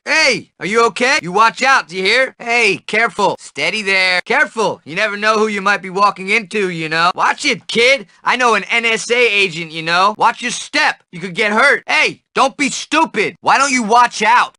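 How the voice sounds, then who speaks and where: A man's voice: high voice, pushed and bright, dry recording, full character voice. An actor playing a grumpy, paranoid male school shop worker in a video game, cursing and ranting about conspiracies. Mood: gruff warning. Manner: gruff, cursing, conspiracy rants.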